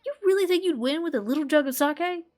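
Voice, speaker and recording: A woman's voice: high voice, fast talker, darkish tone, faint music behind, voice pushed up, lightly acted. A woman voicing a tiny, cocky male sprite who scolds brashly. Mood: scolding.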